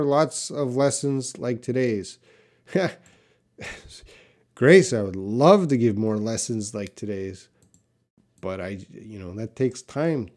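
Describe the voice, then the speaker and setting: A man streams an English class live, relaying viewers' chat questions and answering them in a laid-back way, thinking aloud with plenty of fillers. His voice is mid-range.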